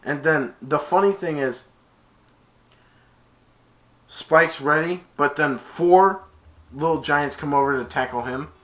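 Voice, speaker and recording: A man talks through a movie's storyline like a casual reviewer, going slowly and pausing often. Events get strung together with "and then," and he jumps into character quotes delivered loud and high.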